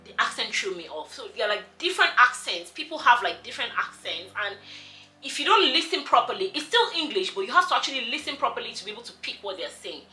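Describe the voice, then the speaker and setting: A young woman from Nigeria with a Nigerian accent, chatting casually in a vlog, animated and quick to laugh, with lots of "like" and "you know". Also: a little high, echoey room, faint music behind, rough recording. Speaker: vlogger.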